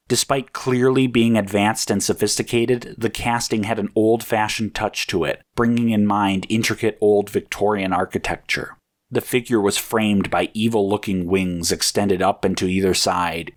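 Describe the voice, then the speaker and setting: A man reading a story aloud as narrator, in measured, even storytelling. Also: fairly low pitch. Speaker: audiobook narrator.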